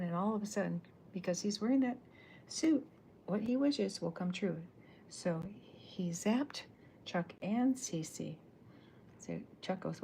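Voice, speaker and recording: A middle-aged woman artist talking softly during an ASMR livestream while she draws, chatty and rambling, often slipping into whispers. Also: lowish voice, a little slow, gravelly, slight background noise. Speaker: artist streaming while drawing comics. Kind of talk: soft-spoken ASMR livestream.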